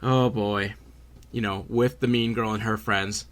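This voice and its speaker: A man's voice: lowish voice, fairly even intonation, measured pace. A man hosting a podcast, casually recapping a horror movie with sarcastic, swearing asides. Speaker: podcast host.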